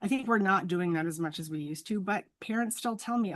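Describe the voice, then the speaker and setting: A female speech-language pathologist, appearing as an interview guest, explains things in an earnest, teacherly way and keeps checking in with "right?". Her voice is lowish and a little fast, with hardly any pauses and no room sound in this explanatory professional conversation.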